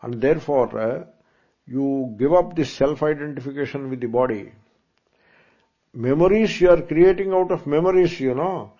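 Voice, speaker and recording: Speaking to students in a lecture hall, this spiritual teacher delivers a conversational Vedanta discourse in Indian English, peppered with rhetorical questions and Hindi asides. His voice is warm, on the high side, and moves at a normal speed, captured in a dull, lo-fi recording.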